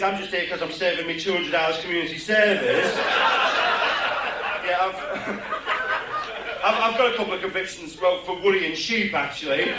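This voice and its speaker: A man compering a comedy club, doing stand-up in an aggressive, sweary, deadpan rant. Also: sits high, very noisy. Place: small comedy club on stage. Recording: echoey live club tape from a distance.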